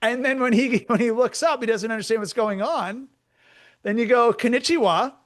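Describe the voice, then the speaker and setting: A male comedian co-hosting a podcast, spinning rambling, absurd comic stories with deadpan delivery. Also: very high voice, normal speed. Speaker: comedian co-host. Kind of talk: comic storytelling chat.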